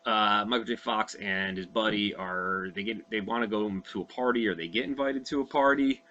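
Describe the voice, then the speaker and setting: Man, young adult, bright forceful voice, slightly low pitch, casual rambling recap, profane, lots of fillers. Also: moderate pace, dull audio. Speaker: host recounting a movie.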